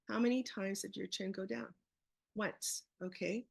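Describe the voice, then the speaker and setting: This webinar leader speaks about early reading in a creaky, husky, mid-range voice at a moderate pace, with no echo. She explains her method step by step, asking questions and supplying the answers herself.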